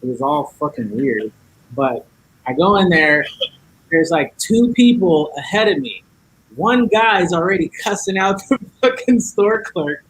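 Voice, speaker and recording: A man's voice: high-pitched, big pitch swings, unhurried, a bit bright, a little hiss or hum, rough recording. A man guest on a podcast, telling a story in casual chat, acting out each side of the dialogue and cursing a lot.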